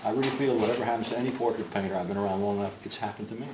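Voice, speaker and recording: A man's voice: on the low side, racing, a little mellow, slight background noise, low-quality recording. An older man, a portrait painter, telling a long, humorous and digressive anecdote to a group while giving a tour. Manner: humorous, digressive, acts out quoted voices. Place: club interior, in a room with a group.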